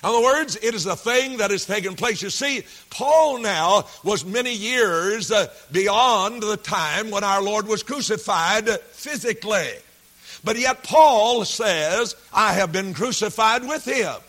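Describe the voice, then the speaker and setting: A man's voice: sits high, lively intonation, fairly bright tone. A man preaching a sermon, reading scripture aloud and repeating key phrases with frequent fillers. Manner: slow, deliberate delivery, repeating key phrases and verse references.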